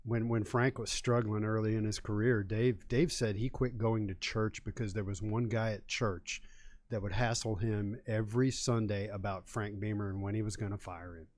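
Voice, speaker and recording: Wry middle-aged man, low dry voice. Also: fairly even intonation, moderate pace, a little mellow, no room sound. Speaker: podcast co-host, sports writer. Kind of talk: casual podcast chat.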